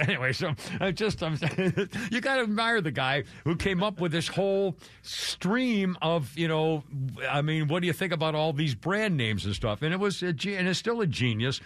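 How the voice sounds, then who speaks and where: A man's voice: normal speed, few pauses, fairly bright tone, dry recording. A man hosting a radio show, chatting in a meandering way and acting out quoted people with sudden jumps in his voice. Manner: meandering, acts out quotes with big pitch jumps. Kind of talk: rambling casual chat.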